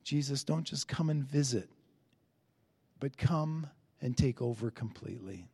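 A man preaching a sermon earnestly, lifting his voice on key phrases and easing into soft endings. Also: medium pitch, lively intonation, a little slow, breathy edge, in a large hall. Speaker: pastor.

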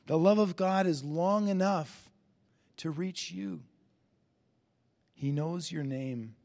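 A man preaching a sermon earnestly, lifting his voice on key phrases and easing into soft endings. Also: a little high, slow pace, gravelly, long reverb tail. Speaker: pastor.

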